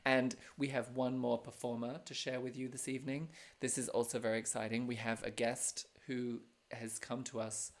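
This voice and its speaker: A man hosting a livestreamed drag show from home, chatting casually with plenty of fillers and self-mocking jokes. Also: mid-range voice. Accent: non-American. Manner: self-deprecating, joking, many fillers.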